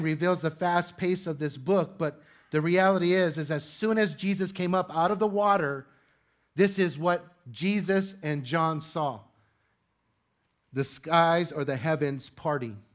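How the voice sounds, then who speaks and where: In a church sanctuary full of congregants, a pastor with a high, somewhat bright male voice gives a relaxed, chatty sermon. He poses rhetorical questions to his listeners and sprinkles in gentle jokes.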